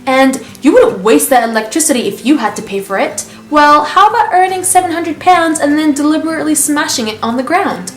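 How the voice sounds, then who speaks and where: A woman voicing a hysterical, furious middle-aged mother in a book reading, yelling in an exasperated way. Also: high voice, animated, a little fast, hardly any pauses, roomy sound, faint music behind, pitched above the performer's own voice.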